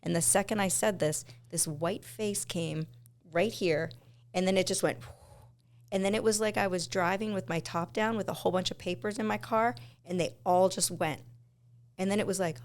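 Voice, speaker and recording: A woman's voice: medium pitch, fairly even intonation, normal speed. A woman podcast host, talking in a chatty, supportive way and swapping her own experiences with her guest. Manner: chatty, supportive, frequent affirmations. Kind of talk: conversational interview.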